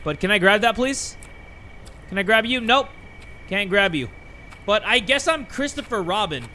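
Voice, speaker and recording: Animated young man playing a horror game. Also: sits high, a little hiss or hum. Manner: animated, joking, quick swings from loud to muttering. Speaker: gaming YouTuber. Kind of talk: horror game let's play commentary.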